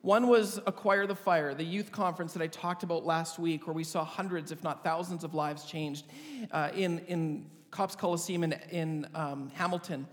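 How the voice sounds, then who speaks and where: A high-pitched man preaches through a funny, vividly told story, as a pastor addressing his congregation. His voice rings out with a long reverb, as if recorded in a large hall. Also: steady tone, normal speed. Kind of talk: storytelling sermon.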